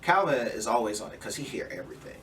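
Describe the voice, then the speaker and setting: A man's voice: mid-range voice, expressive, fast talker, a loud crowd. Laid-back man telling stories, mic far off. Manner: laid-back, rambling anecdotes with acted-out quotes. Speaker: stand-up comedian guest. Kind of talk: casual storytelling chat. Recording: distant mic with faint room noise.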